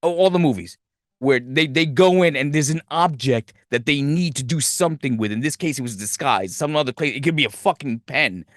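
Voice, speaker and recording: Animated, profane man reviewing a film. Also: medium pitch, brisk, no echo, studio quality. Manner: animated, profane, rambling storytelling. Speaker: podcast host. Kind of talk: casual movie review.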